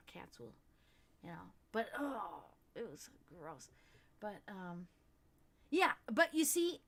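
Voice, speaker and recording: A woman with a slightly high voice hosts her livestream in loose, casual chat. She rambles from one story to the next, swears freely and often breaks into laughter. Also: fairly bright tone. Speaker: livestream host.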